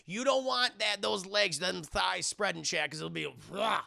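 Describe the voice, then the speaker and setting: A man streaming live, recapping a movie in a casual, animated, profane way and talking to his chat. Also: sits high, moderate pace, vocal fry.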